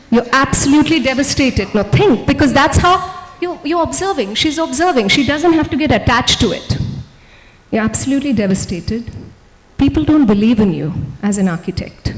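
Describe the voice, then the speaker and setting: A woman giving an energetic motivational stage talk, coaxing volunteers and the audience. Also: high voice, in a large hall, poor audio. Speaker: motivational speaker.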